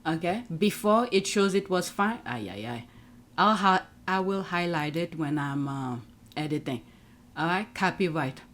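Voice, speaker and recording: A woman's voice: lowish voice, steady tone, moderate pace, fairly bright tone, a little hiss or hum. A woman running her own online channel, chatting casually as she works through clips on screen, with frequent exclamations. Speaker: YouTube commentator. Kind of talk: casual reaction commentary.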